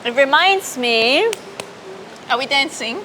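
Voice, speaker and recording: A woman's voice: high voice, animated, slow, pushed and bright. Chatty woman host eating outdoors. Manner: chatty, often talks while chewing. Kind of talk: casual food-tasting chat. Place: outdoors by the sea in the rain. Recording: noisy outdoor recording, waves and rain.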